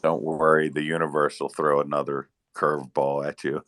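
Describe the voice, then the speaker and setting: A man's voice: extremely low pitch, little pitch movement, moderate pace, a bit bright, no echo, studio quality. A man chatting casually in an online audio room, wry and easygoing.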